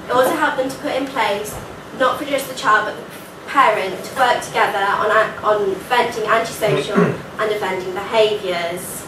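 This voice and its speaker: A woman's voice: medium pitch, normal speed, hardly any pauses, noisy background. Young woman presenter, nasal voice, earnest conference talk, miked from a distance in an echoey hall. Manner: earnest, informal fillers like "like" and "so". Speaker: student presenter. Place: university lecture hall. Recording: echoey hall recording from far off.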